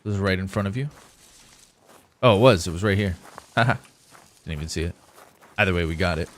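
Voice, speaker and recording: A young man streaming a survival game live, rambling easily to his viewers between bits of play. His voice sits low for a man, and he talks in a loose, conversational way. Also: fairly quick, a bit bright. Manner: casual, rambling, talks to chat while playing. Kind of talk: live gameplay commentary.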